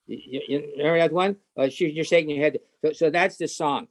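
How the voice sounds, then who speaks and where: Man, somewhat high voice, halting, restarts often, dry sound, video call. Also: no room sound. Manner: halting, many restarts, hums song snippets. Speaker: class participant. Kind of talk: casual chat.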